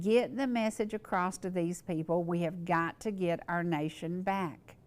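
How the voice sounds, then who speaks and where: A woman's voice: on the low side, darkish tone. Earnest woman hosting a talk show. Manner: earnest and emphatic, repeats words for stress. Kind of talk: casual local talk show monologue.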